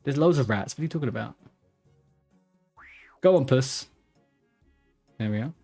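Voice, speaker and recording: A man's voice: medium pitch, lively intonation, normal speed, gravelly, warm tone, soft background music. A man streaming a game live, talking to himself and his viewers as he plays, with frequent swearing. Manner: mutters to himself, swears when frustrated. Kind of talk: live gameplay commentary.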